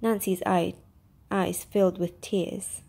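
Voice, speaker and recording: A woman whose first language is Vietnamese, reading a classic storybook aloud in steady, clear narration. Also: lowish voice, takes it slowly. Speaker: storybook reader. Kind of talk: scripted narration.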